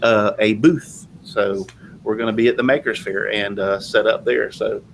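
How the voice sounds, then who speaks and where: A man's voice: fairly low pitch, fairly even intonation, moderate pace, vocal fry, a little hiss or hum, poor audio. A man raised in the South, hosting a casual live video chat, rambling with lots of fillers. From American South. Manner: rambling, chatty, many fillers. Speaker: live show host.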